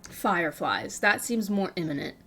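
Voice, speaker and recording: A woman's voice: fairly low pitch, sing-song, normal speed, a bit bright, husky, soft background music. A woman playing a tabletop game, thinking aloud in an uncertain way. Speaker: player. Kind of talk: tabletop game role-play.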